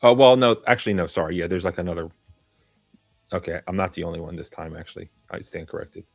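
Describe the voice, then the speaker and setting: A man with a very low voice talks casually about his acting work, hesitant and trailing off with fillers. The sound is dry and close, with faint music underneath. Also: fairly even intonation, fast, vocal fry, dry recording. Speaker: actor. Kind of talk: casual panel chat.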